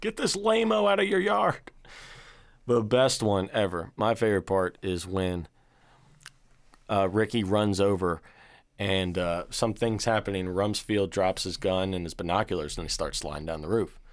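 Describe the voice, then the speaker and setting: Male podcast host, somewhat low voice, relaxed banter, steers the segments. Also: moderate pace, no echo. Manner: laughs often, runs the rating segment. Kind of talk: casual chat.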